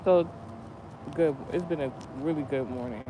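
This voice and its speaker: A man's voice: on the high side, normal speed. Rambling man talking outdoors by traffic. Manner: rambling, animated storytelling with many restarts. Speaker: vlogger. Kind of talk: casual spiritual vlog talk. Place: outdoors near a street with passing cars. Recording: noisy outdoor street recording.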